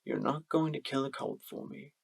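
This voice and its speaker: A man voicing a gentle, resigned male pony in an audiobook, speaking softly and firmly. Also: medium pitch, normal speed, vocal fry, no echo. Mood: quiet. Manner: soft, quiet, firm.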